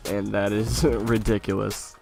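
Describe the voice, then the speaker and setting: A young man with a lowish voice tells a childhood story in a loose, chatty vlog style. He laughs often and swears now and then. Faint music plays underneath. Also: measured pace, creaky. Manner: laughing through an animated anecdote, casual swearing. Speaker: YouTuber.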